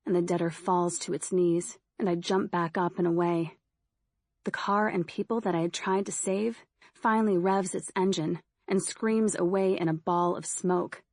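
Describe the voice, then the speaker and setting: A woman with a low voice reads first-person horror fiction in a steady, measured way. She is recorded on a close studio mic with a dry, dead sound. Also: no echo. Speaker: audiobook narrator.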